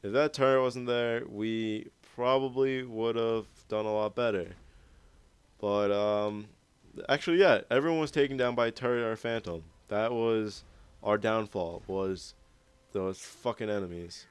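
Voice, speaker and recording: A man's voice: fairly low pitch, measured pace, clean tone, no echo. A young man giving loose, profane commentary over his gameplay footage, rambling and easygoing. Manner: laid-back, rambling, heavy swearing. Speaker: gaming YouTuber.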